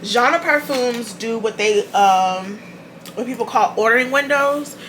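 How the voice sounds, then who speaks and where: On her beauty channel, a woman talks casually to camera, laughing a lot and going back over her key points. Her voice is fairly high and a bit bright, unhurried, with slight background noise.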